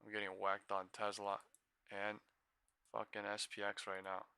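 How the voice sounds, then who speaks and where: A man's voice: fairly low pitch, completely flat delivery, normal speed, pushed and bright, clean tone, no echo. A tired young man live-streaming stock trades, talking to himself in incredulous, swearing bursts. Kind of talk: live trading stream commentary.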